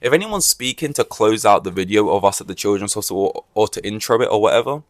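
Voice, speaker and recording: A man from England talks through a casual solo podcast in a rambling, wry way, full of fillers and restarts. His voice sits on the low side and is recorded close and dry, with no room around it. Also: expressive, fast, hardly any pauses, dry recording. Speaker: podcast host.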